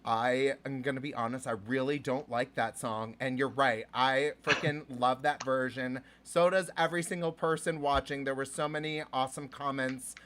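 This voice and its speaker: A man's voice: medium pitch, fairly even intonation, normal speed, hardly any pauses, a bit bright. A man hosting a live-streamed show as a drag persona, gushing and casual, with lots of fillers and swearing.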